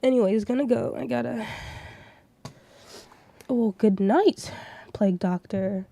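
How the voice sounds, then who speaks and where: A woman's voice: fairly high pitch, takes it slowly, creaky, dark tone. Young woman streamer, casual, swears constantly, blunt venting storyteller. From Florida. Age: 20s. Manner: profane, ranting storyteller. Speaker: livestreamer.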